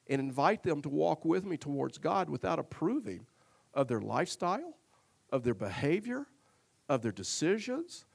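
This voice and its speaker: A man's voice: a little high, creaky. A male pastor preaching a sermon, telling a personal story earnestly and with humor, often repeating words as he goes.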